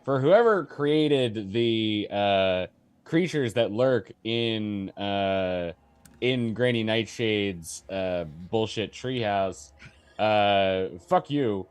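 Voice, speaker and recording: A man's voice: on the low side, drawn-out words, smooth. A man, a tabletop game player, chatting casually, swearing and laughing with many hesitant uhs. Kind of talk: casual chat.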